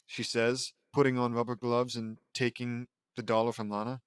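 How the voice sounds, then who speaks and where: A man's voice: medium pitch, normal speed, clean tone, no room sound. A man narrating a fan-fiction audiobook in a casual reading style, with offhand asides.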